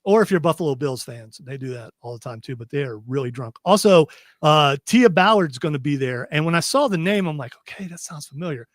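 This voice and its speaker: A man's voice: on the high side, expressive, brisk, dry recording. A man hosting a radio talk show, rambling and chatty with lots of restarts, speaking into a studio microphone.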